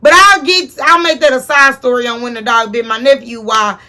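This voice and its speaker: Young woman vlogger, high bright voice, animated and profane, chatting to her viewers. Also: a little fast. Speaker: storyteller host. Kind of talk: casual storytime vlog.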